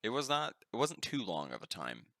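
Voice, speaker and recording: Bright-voiced swearing young podcast host. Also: male voice, lowish voice, brisk, no room sound, clean studio sound. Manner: animated storyteller, swears freely. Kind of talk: casual chat.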